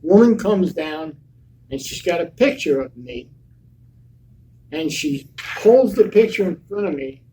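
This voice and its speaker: An older man telling stories on a live convention panel in a blunt, profane, animated way. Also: on the high side, unhurried, pauses often, slight background noise, low-quality recording. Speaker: panel guest.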